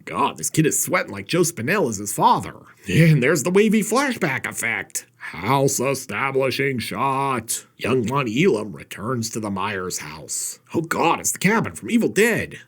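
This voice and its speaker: A man with a husky edge to his voice delivers a sarcastic, wisecracking recap of an old horror film. His pitch swings widely as he jokes. He sounds like a host riffing his way through the plot. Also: big pitch swings, normal speed, few pauses. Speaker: horror movie reviewer. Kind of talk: comedic movie recap commentary.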